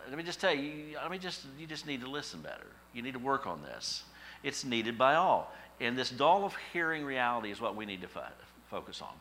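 A man's voice: mid-range voice, animated, moderate pace, sharp tone, a little hiss or hum. A man preaching a sermon in a conversational way that rises to emphatic peaks, reading scripture and explaining it. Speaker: pastor.

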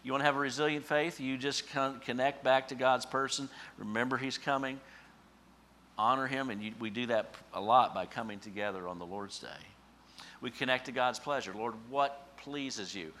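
A man preaching a sermon as pastor, swinging from hushed, slow scripture lines to loud emphatic peaks. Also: mid-range voice, slight background noise. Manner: emphatic, with dramatic swells and hushed drops; slows down for scripture quotes.

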